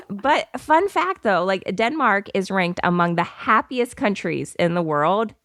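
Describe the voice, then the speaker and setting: A woman's voice: fairly low pitch, no echo, studio quality. A woman in her thirties, a podcast co-host, chatting casually in a bubbly, giggly, rambling way. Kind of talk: casual chat.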